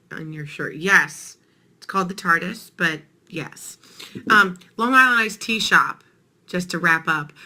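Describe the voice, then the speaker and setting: A woman's voice: lowish voice, pushed and bright, low-quality recording. A woman in her thirties hosting a casual morning live stream, chatting playfully with viewers while her voice sounds tired.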